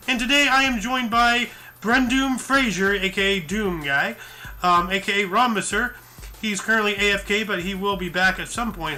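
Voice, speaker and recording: A man's voice: high-pitched, sharp tone. A man hosting a news commentary show, reading articles aloud and rambling with fillers and self-corrections, sounding tired.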